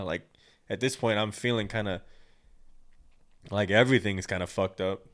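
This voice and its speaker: A man's voice: on the low side, quick pace. Blunt, crude man telling a story. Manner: blunt, crude and rambling, swears often. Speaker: podcast host. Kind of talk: casual personal storytelling.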